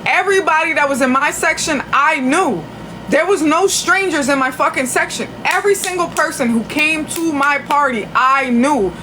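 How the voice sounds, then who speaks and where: A woman's voice: sits high, moderate pace, bright, forceful tone, slight background noise. A woman telling a long story on a casual livestream, chatty and profane, with frequent restarts. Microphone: phone.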